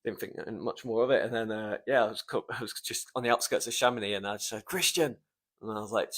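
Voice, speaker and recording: A man's voice: lowish voice, fairly even intonation, fast, fairly bright tone. Emotional man on a podcast. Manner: emotional, swears often, trails off with ums. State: choked up, close to tears. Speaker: podcast host. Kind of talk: casual solo podcast storytelling.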